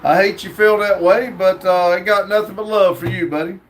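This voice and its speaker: A man's voice: high-pitched, steady tone, fairly quick, a little hiss or hum. A man, hosting a live stream and reading viewer comments aloud in an easygoing way, with plenty of uhs. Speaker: livestream host reading chat. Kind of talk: casual livestream chat.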